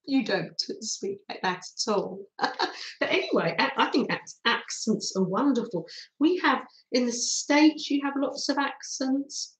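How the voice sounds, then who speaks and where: A woman's voice: high voice, expressive, measured pace, reverberant, poor audio. A middle-aged woman from England hosting a craft livestream, chatting casually and reminiscing with frequent laughs. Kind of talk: casual chat while crafting.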